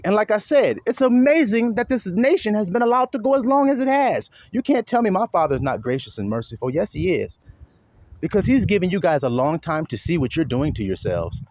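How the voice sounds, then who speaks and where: A man's voice: on the high side, a little mellow. A man delivering an impassioned spoken monologue, preachy and blunt, swearing freely and slipping into mocking sarcasm. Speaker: online commentator; father.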